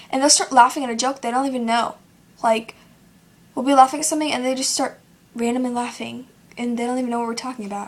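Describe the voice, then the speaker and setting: High-voiced teen girl ranting rambly. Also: breathy edge. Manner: rambling, filler-heavy, acts out quoted people. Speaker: vlogger. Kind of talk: casual rant to camera. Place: at home, seated in a chair. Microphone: self-recorded camera.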